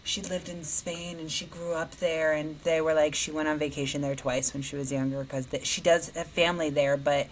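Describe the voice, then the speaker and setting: A woman's voice: low voice, flat delivery, moderate pace, hardly any pauses, a little hiss or hum. A woman co-hosting a podcast, chatting casually and bluntly, gossiping with frequent laughs. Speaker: podcast co-host. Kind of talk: casual chat.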